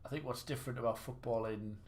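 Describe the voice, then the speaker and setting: A man's voice: medium pitch, steady tone, quick pace, slight background noise. Chatty self-mocking man streaming. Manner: chatty, self-deprecating, rambling with restarts. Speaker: gaming livestreamer. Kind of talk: casual live commentary while playing.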